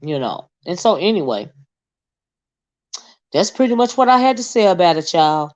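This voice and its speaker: A woman's voice: lowish voice, normal speed. Woman, livestream host, teasing banter, muffled lo-fi sound. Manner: animated, teasing, Southern-style banter. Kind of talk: casual live chat with viewers. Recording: slightly dull lo-fi stream audio.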